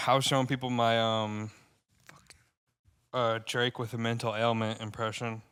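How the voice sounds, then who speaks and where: A man's voice: medium pitch, level tone, a bit bright, smooth. A young man co-hosting a podcast, chatting casually, swearing a lot and getting worked up as he rambles about stand-up. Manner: profane, rambling, gets worked up fast. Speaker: podcast co-host and stand-up comic.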